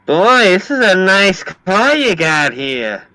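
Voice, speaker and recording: A high, airy, gushing voice of a dim young woman riding in a car in 1950s Brooklyn, as a man puts her on in a story. She talks slowly and swoons over everything, her pitch swinging widely. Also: very animated, bright, forceful tone, dry recording, exaggerated voice, low-quality recording.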